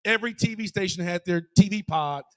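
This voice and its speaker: At a live show in a bar, a man who once played college ball and now guest-broadcasts shares casual stories, animatedly impersonating the people he quotes. His voice is high and brisk, and there's no room sound.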